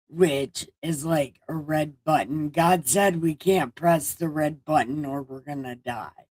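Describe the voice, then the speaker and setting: A woman retelling scripture as irreverent comedy, deadpan, slangy and crude. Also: deep voice, takes it slowly, no echo. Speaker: comic bible reader. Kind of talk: irreverent comic storytelling.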